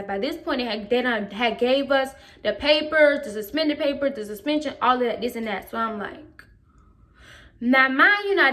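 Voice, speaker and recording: Storytime vlogger, a woman with a higher-pitched voice, slangy, emphatic, replays her own past comments. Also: a bit bright. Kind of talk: casual storytime.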